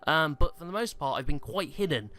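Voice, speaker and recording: A man's voice: a little high, lively intonation, brisk, sharp tone, dry recording. A young man giving casual gameplay commentary, out of breath, rambling and full of um and like. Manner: rambling, heavy on fillers like um and like. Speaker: gaming YouTuber. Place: small stuffy room at home.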